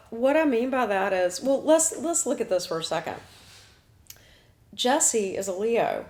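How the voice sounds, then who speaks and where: A woman's voice: a little high, big pitch swings, measured pace, darkish tone, slight background noise. A woman hosting a talk show as an astrologer, chatting casually with blunt asides and frequent laughs. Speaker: astrologer host.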